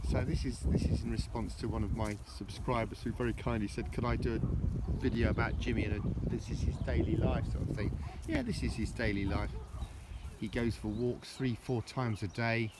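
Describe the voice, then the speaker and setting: A middle-aged man chatting casually for his vlog, rambling and jokey with cheeky asides, recorded outdoors on a walk. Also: lowish voice. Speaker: vlogger. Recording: outdoor recording with loud background noise.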